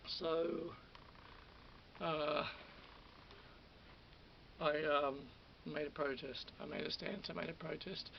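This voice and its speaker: Worked-up man, slightly high gravelly voice, telling a rambling story with lots of repeats; dull lo-fi recording. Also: fairly even intonation, slow pace, pauses often. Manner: repetitive, restarts often, quotes others. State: worked up, still on adrenaline. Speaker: vlogger. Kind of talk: rambling personal story to camera. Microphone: camera or phone mic. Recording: lo-fi audio with faint hiss.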